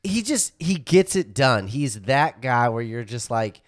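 A man's voice: mid-range voice, a little slow, no echo, clean studio sound. A man chatting casually as a podcast co-host, retelling movie scenes with laughs and acted-out lines. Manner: animated, laughing storyteller acting out movie scenes. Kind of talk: casual chat.

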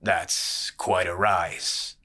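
A man voicing a terse, low-spoken brawler. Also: very slow, heavily acted. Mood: guarded. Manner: terse, flat, quietly menacing. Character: grim, tight-lipped male brawler.

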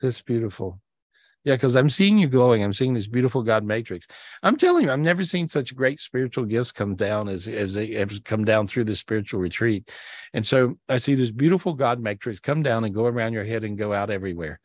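A man's voice: medium pitch, animated, a little fast, no room sound. A man hosting a live video-call podcast, guiding a healing and then greeting people, effusive and given to repeating his words. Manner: warm, effusive, repeats phrases. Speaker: spiritual healer and show host.

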